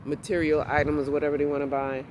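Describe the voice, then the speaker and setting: A woman's voice: low-pitched, flat delivery, quick pace, a little mellow, a little hiss or hum. A woman vlogging in a casual, emphatic, heartfelt monologue outdoors in a city, repeating herself for emphasis.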